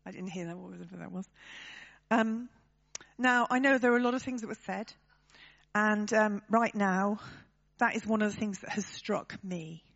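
A woman's voice: mid-range voice, fairly even intonation, normal speed, gravelly, fairly bright tone, muffled recording. A woman preaching a sermon to her church, talking conversationally and turning to the congregation with tag questions.

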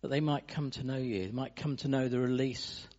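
A man's voice: mid-range voice, fairly even intonation, brisk, darkish tone, lo-fi sound. A man leading a church gathering, briefly thanking speakers and then leading a short prayer. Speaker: meeting leader.

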